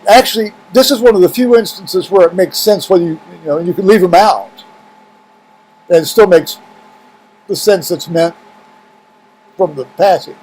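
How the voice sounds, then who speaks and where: Middle-aged man with a high-pitched voice; casual, rambling home video blogger who restarts his sentences. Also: a little mellow, rough recording. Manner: rambling, many restarts and fillers. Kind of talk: casual talk to camera. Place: home room with heaters running.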